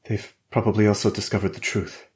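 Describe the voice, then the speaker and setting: A man's voice: fairly low pitch, little pitch movement, fairly quick, natural voice. A man voicing a tired middle-aged scientist in a thriller audiobook, confessional and resigned. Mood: weary.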